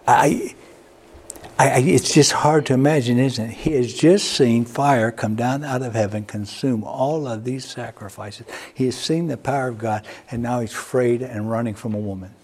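A man preaching a sermon, telling a story with restarts and repeated words, his pitch jumping upward at emotional peaks. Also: normal speed, darkish tone, breathy edge. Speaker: pastor.

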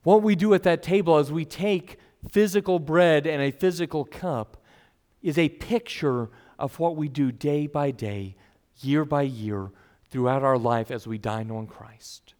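A man's voice: on the high side, unhurried, darkish tone. A man preaching an expository sermon, earnest and emphatic, who voices his listeners' objections as he goes.

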